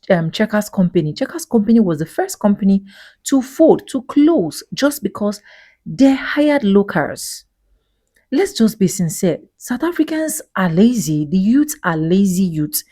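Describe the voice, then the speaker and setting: A woman's voice: medium pitch, big pitch swings, a little slow, dark tone, dry recording. A woman giving an opinionated commentary monologue, indignant and emphatic, full of rhetorical questions. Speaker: vlogger commentator.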